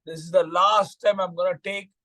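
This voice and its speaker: A man's voice: high-pitched, fairly even intonation, moderate pace, bright, forceful tone, dry recording. A man with an Indian English accent voicing a fierce, determined mother bird who issues stern warnings. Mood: stern, demanding. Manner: stern warning tone, repeats threats.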